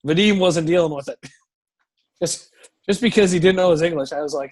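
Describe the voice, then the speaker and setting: A man who is a professional hockey goaltender, a guest telling casual stories full of swearing and acting out his own shouting. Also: a little high, moderate pace, pauses often. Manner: profane, animated storyteller who acts out shouting. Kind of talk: casual storytelling interview.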